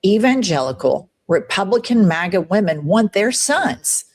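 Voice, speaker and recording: A woman's voice: mid-range voice, expressive, measured pace, darkish tone, husky. A woman hosting a show, giving heated, profane political commentary with swooping emphasis. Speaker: show host.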